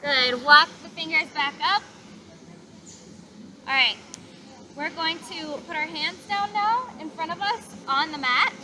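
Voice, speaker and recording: High-voiced woman teaching kids yoga outside, gentle and encouraging, traffic noise behind. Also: measured pace, pauses often. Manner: gentle, encouraging, cueing breaths. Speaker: yoga instructor. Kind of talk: guided yoga class instruction. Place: outdoors in a park.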